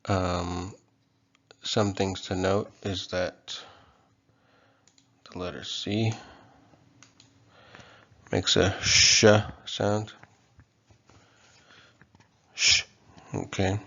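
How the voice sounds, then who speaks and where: A man giving a casual online language lesson, relaxed and hesitant, with frequent ums and okays. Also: sits low, drawn-out words, vocal fry, pauses often, lo-fi sound. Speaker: language teacher.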